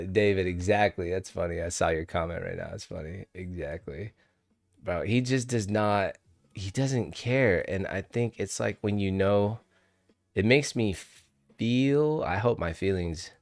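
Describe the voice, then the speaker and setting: A man's voice: low-pitched, no room sound, clean studio sound. A man hosting a trading livestream in casual, rambling chat, laughing often and swearing freely.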